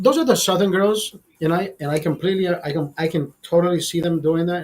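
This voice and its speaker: A man's voice: high-pitched, brisk, few pauses. A man hosting a casual livestream chat, crude and profane, rambling with many restarts. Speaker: livestream host.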